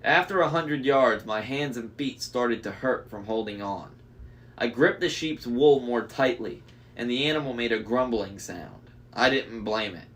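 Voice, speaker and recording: A man reads a novel aloud in a mid-range voice. He pauses for casual comments and backs up to reread lines after slips. It sounds like a relaxed read-aloud. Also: mid-range voice. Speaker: reader.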